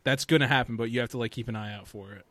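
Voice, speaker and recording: A man's voice: medium pitch, very fast, fairly bright tone, dry recording. A man co-hosting a podcast, chatting casually about a game, teasing and giving advice. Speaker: podcast co-host. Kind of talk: casual gaming chat.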